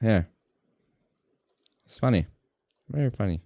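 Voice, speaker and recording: A man's voice: lowish voice, expressive, a little slow, gravelly, warm tone, no echo, studio quality. A man hosting a reaction stream, talking in a casual, profane and defensive way about a dispute. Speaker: streamer reacting to a podcast clip.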